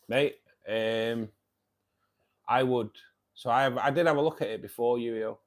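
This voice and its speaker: A man with a mid-range voice speaks a little slowly, leaving long pauses. He runs a fishkeeping livestream, casually reading out viewer comments, and his manner is jokey and teasing with frequent laughs.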